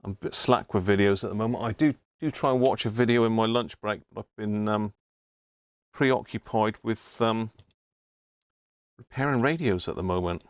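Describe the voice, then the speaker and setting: A man's voice: fairly low pitch, moderate pace, dry recording. A man hosting a live stream, chatting casually and muttering to himself while repairing a radio. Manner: chatty, self-deprecating, muttering while working.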